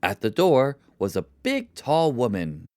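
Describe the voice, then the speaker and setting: Narrator reading a kids story for english class, slow, bouncy voice, dry sound. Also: mid-range voice, dry recording. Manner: slow, deliberate and expressive.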